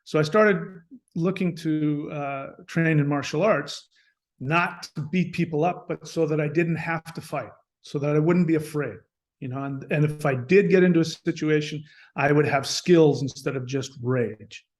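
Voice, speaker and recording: A man who is a podcast guest, telling a personal story in a casual way. He is animated, restarts often and acts out bits of dialogue. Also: on the high side, normal speed.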